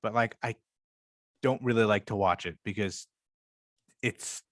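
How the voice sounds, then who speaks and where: A man co-hosting a casual podcast chat, rambling and swearing freely, sometimes jumping higher to act out quotes. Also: unhurried, a bit bright, no echo, studio quality. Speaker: podcast co-host.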